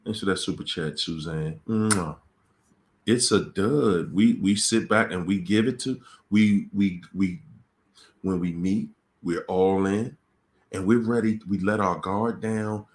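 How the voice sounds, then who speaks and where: A man's voice: deep voice, slow pace. A man hosting a live question-and-answer stream, talking casually and dramatically, repeating phrases for emphasis and acting out voices in quoted dialogue. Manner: casual and conversational. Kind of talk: livestream talk on relationships.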